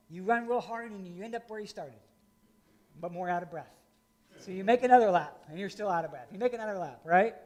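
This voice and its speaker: A middle-aged man from rural Indiana preaches in a relaxed, conversational way, full of folksy asides. His voice sits notably high for a man. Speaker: pastor. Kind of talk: sermon.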